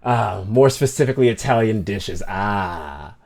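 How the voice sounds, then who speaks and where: A man's voice: medium pitch, animated, unhurried, long pauses. A man streaming a game, chatting casually with viewers in a joking, self-mocking way, stumbling over foreign words and putting on mock-dramatic outbursts. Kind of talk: casual livestream chat reacting to viewers.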